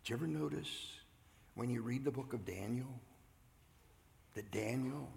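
An older man preaching a sermon, earnest, rising loud and then dropping to a hush. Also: mid-range voice, a little slow, gravelly, long reverb tail. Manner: earnest, swings from loud to hushed. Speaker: pastor. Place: church sanctuary.

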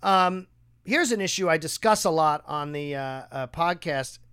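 A man hosting a podcast, chatting casually and acting out quotes with a raised, animated voice. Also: on the high side, a little slow, clean tone. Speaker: podcast host. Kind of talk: casual conversation.

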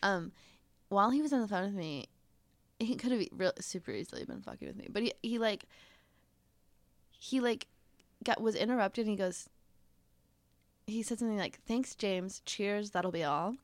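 A woman's voice: medium pitch, normal speed, pauses often, no room sound. Woman, thirties, stuffy nose, rambling casual chat, filler-heavy storytelling, dry close sound. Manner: animated storytelling with lots of fillers and laughs. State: congested. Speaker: podcast guest.

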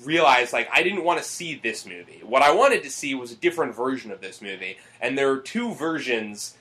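Male podcast host, casual movie talk, bright voice, rambling and profane. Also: mid-range voice, expressive, fairly quick. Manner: rambling, profane, full of fillers.

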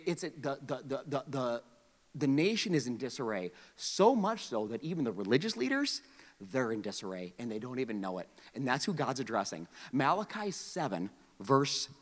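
A man preaching a sermon, animated, dropping to quiet asides and then rising to near shouts. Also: mid-range voice. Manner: animated, swings from hushed to shouting. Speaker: pastor. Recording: long hall reverb.

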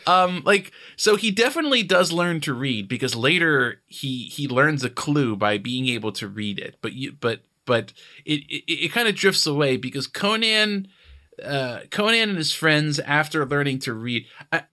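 A man's voice: a little high, very animated, normal speed, bright, forceful tone. A man co-hosting a podcast, recapping an episode in casual chat, laughing often and dropping into goofy voices for the characters. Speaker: podcast co-host.

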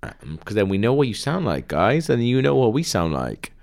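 Co-host, gravelly and lively in pitch, joking and quick to laugh. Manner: joking, animated, laughs often. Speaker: podcast co-host. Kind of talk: casual podcast chat.

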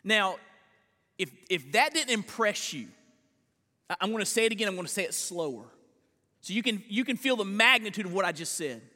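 A male pastor preaching a sermon, swinging between loud emphatic lines and hushed slow ones, often repeating words as he starts a phrase. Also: high voice, big pitch swings, long reverb tail. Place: church sanctuary.

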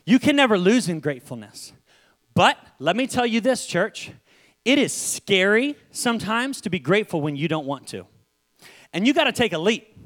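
High bright-voiced young preacher. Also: male voice. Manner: energetic, conversational, repeats phrases. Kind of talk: sermon.

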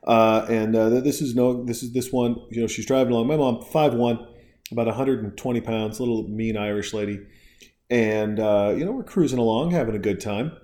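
A man's voice: mid-range voice, brisk, mellow. A man hosting a podcast in an early-morning solo rant, swearing freely, rambling and restarting his sentences as he gets worked up. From United States. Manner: profane, fired-up, rambling with many restarts. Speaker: podcast host. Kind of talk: casual ranting monologue.

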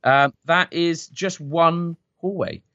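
A man's voice: fairly high pitch, takes it slowly, pushed and bright, dry recording, highs cut off. A British man co-hosting a podcast, chatting with playful, teasing banter. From Britain. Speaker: podcast co-host. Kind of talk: casual comedic chat.

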